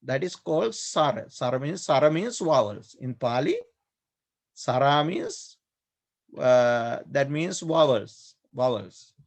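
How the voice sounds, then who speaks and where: A male Buddhist monk teaching a class on Pali grammar, speaking slowly, repeating key words and pausing often with fillers. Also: medium pitch, expressive. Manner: slow, repetitive, hesitant with many fillers. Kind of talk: online class lecture.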